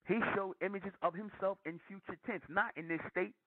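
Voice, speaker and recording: A man's voice: high voice, steady tone, fairly quick, no echo. A man preaching in a monologue, emphatic and repeating lines for stress. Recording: dry tinny phone-like audio.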